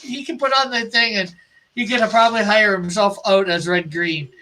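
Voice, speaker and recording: A man's voice: high voice, fairly even intonation, moderate pace, pushed and bright. A man from Canada hosting a casual live stream, chatting and reading viewer comments aloud with frequent laughs. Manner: laughs often, reads chat aloud. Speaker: livestream host. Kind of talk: casual livestream chat.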